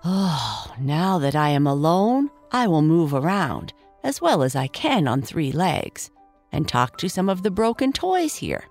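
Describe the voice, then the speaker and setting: A woman's voice: sits low, unhurried, faint music behind, exaggerated voice. Woman voicing a kindly rocking horse. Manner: warm, excitable, exclaiming. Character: kindly male white rocking horse toy.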